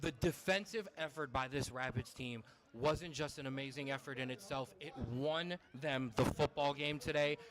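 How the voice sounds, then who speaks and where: A man calling a football game as play-by-play commentator, breathless and shouting the big plays. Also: medium pitch, moderate pace, hardly any pauses, crowd noise, poor audio.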